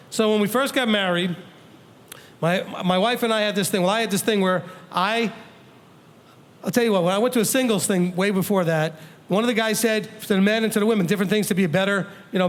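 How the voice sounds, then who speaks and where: A high-voiced man teaches a congregation as their rabbi. He talks in a loose, conversational way, slipping into other people's voices to act out what they might say. He keeps turning to the listeners with direct questions. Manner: animated, acts out quoted people and questions the audience.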